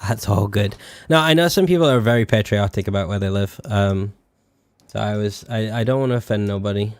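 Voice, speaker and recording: Speaking briskly in a fairly low voice with no echo, a young man from northern England streams as a VTuber and chats casually. His Yorkshire accent carries a slight Scottish and posh mix, and he rambles, swears, laughs a lot, and fills gaps with fillers.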